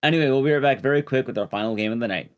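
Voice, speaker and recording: A man hosting a live speedrun stream, reading announcements in a relaxed way with some dry humor. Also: mid-range voice, very fast, clean tone. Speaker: show host.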